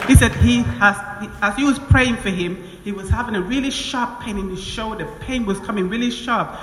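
A woman giving a church testimony, telling her story in an animated way, laughing often and acting out conversations. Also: on the high side, brisk, a little hiss or hum. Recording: echoey hall with long reverb.

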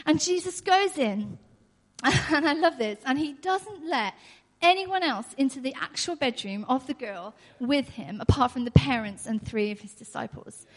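A woman preaching a sermon in an earnest way, repeating her key phrases and laughing often. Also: sits high. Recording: long hall reverb.

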